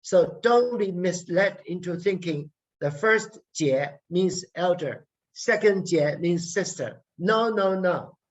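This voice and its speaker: A man teaching a language workshop online, deliberately drilling each sound and repeating words for learners. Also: high voice, lively intonation. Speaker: language lecturer. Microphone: video call. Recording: muffled video call audio.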